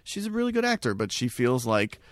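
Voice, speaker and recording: A man's voice: medium pitch, sing-song, a little fast, no room sound, clean studio sound. A man co-hosting a movie podcast, chatting casually in a sarcastic, joking way and swearing now and then. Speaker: podcast co-host. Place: at a table in a studio.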